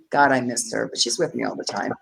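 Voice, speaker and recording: A woman's voice: a bass voice, gravelly, fairly bright tone, slightly rough. A woman hosting a livestream, talking bluntly and with emphasis in casual chat. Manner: blunt and emphatic, mocks others in quoted voices. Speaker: live stream host.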